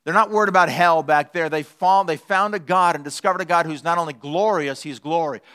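A man pastor delivers a sermon in a church. His voice is slightly high, bright and crisp, with clear, resonant diction. He tells his story playfully and shifts his pace for effect. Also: fairly quick. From United States.

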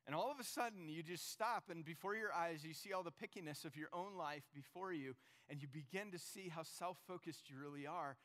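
A man's voice: a little high, brisk, hardly any pauses, a bit bright. A man preaching a sermon to his congregation, earnest and storytelling, speaking straight to the listeners. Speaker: pastor. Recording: long reverb of a large hall.

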